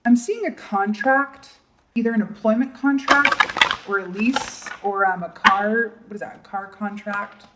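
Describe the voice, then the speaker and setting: A woman doing a tarot reading for her viewers, talking softly and emotionally, with many fillers and trailing pauses. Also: medium pitch, heavy background noise. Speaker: tarot reader. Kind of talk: casual tarot reading to camera.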